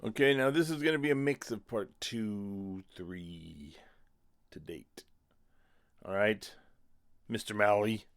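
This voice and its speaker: A man's voice: fairly low pitch, slow pace, long pauses. A man hosting his own podcast alone, rambling casually, joking about himself and laughing often. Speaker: podcast host. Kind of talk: casual solo podcast monologue.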